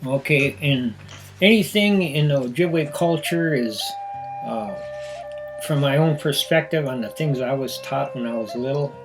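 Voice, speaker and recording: A man being interviewed, telling personal stories in an unhurried, thoughtful way and often repeating himself. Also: medium pitch, low-quality recording. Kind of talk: reflective personal storytelling. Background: guitar music clearly heard.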